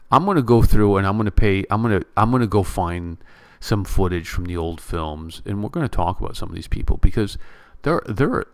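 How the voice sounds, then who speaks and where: Give me a guy with a slightly low voice, venting casually on camera to his audience. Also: creaky. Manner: animated, repetitive, addresses viewers directly. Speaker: YouTube vlogger. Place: home room near a bedroom.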